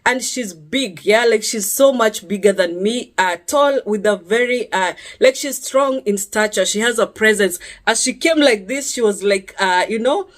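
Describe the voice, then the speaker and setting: A woman shares a personal testimony in a casual vlog, speaking at normal speed in a mid-range voice with hardly any pauses. Chatty and earnest, she keeps asking listeners "yeah?" and sometimes rises sharply on key words for emphasis.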